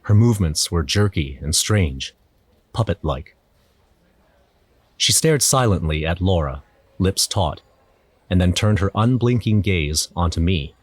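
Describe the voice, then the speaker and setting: Guy narrating an audio drama, deep voice, nervous wry inner monologue. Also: expressive, measured pace, long pauses, dry recording. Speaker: first-person narrator. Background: music.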